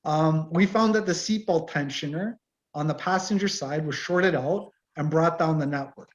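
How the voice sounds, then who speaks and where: A man's voice: on the high side, moderate pace, highs cut off. A middle-aged man, a mechanic and course instructor, talking casually and animatedly in an online info session, telling stories from his shop and acting out customers. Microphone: video call.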